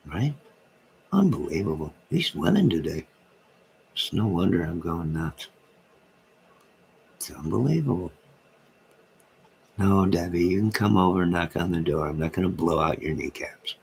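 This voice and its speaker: A man's voice: low-pitched, unhurried, creaky, long pauses, a little mellow, a little hiss or hum. A man hosting a late-night livestream from home, bantering and joking in a rambling way as he answers his viewers' comments. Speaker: livestream host reading chat.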